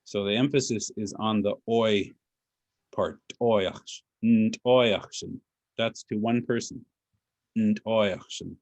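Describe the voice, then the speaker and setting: Slow-spoken man teaching pronunciation. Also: fairly low pitch, fairly even intonation, no room sound. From Alaska. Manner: patient, explains pronunciation step by step; dry self-deprecating humor. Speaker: language teacher and speaker. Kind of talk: lecture with audience questions.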